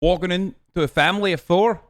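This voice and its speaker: A man's voice: high voice, fast talker, no room sound, studio quality, natural voice. A man doing a crude, mocking impression of a brash young male army veteran. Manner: crude, gleeful, mocking, profane.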